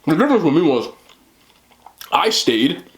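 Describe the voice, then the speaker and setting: A man hosting a mukbang, chatting casually while eating, talking in an animated way with loud bursts. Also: a little high, normal speed. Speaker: mukbang host.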